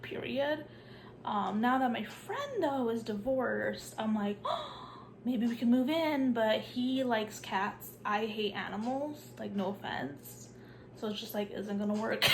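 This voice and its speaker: A young vlogger with a voice on the high side chats casually while sick with a cough and a sore throat. She says "like" frequently and sometimes hushes to a whisper, with background noise behind her.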